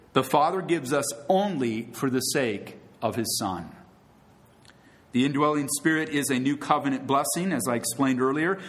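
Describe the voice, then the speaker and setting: Male pastor, sermon, earnest, emphatic, rhetorical questions, rather high voice. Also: a bit bright. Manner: earnest preaching, with rhetorical questions, wide swings in pitch.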